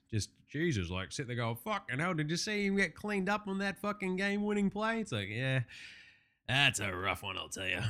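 A man hosting a casual sports recap, brash and profane with quick wisecracks. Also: mid-range voice, a bit bright. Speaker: podcast host.

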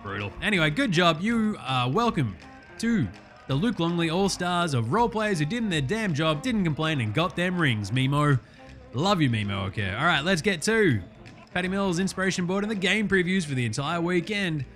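A man's voice: a little high, moderate pace. Australian guy, young, casual profane sports-podcast host, faint guitar behind. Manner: profane, jokey, animated.

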